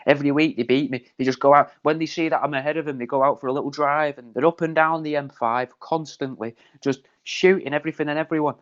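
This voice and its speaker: A man's voice: fairly high pitch, steady tone, fast, hardly any pauses, natural voice. A man playing a sweary, resentful neighbour who is fed up with his rivals, on a slightly muffled recording.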